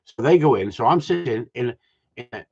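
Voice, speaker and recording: Husky man ranting on a live stream. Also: medium pitch, fairly quick, muffled recording. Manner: animated storytelling with frequent swearing. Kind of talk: casual ranting chat.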